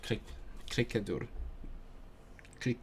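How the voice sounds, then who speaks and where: A man on a study stream, thinking aloud and repeating vocabulary to himself with frequent restarts. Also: background noise. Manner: repeats words slowly, muttering to himself as he drills vocabulary; self-talk with restarts, low-key. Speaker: language learner streamer.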